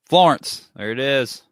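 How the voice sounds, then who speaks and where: A man's voice: medium pitch, dry recording, clean studio sound. A man co-hosting a podcast over a video call, joking around while reading out trivia questions. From Kentucky. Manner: joking, reads questions aloud. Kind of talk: casual chat.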